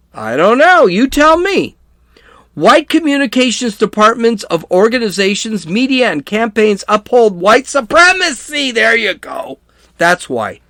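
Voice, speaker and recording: A man hosting a political podcast, ranting with anger and sarcasm and sometimes raising his voice to a shout. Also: extremely high pitch, dry recording, clean studio sound. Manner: angry, sarcastic, shouts at times.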